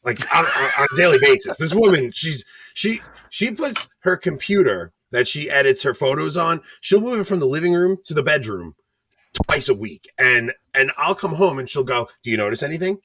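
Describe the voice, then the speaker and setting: Host, male, bright husky voice, lively pitch, playful mock-outrage rant. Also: moderate pace. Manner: animated, laughing, mock-outraged. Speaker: podcast host. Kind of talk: casual ranting commentary.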